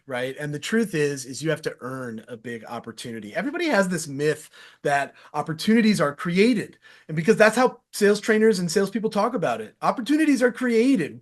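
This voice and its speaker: Upbeat guy chatting about his work, a bit high pitched, loose and slangy, lots of energy. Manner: energetic, animated storytelling with laughs; casual, slangy and candid. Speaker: sales podcast host as guest. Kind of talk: casual conversational interview.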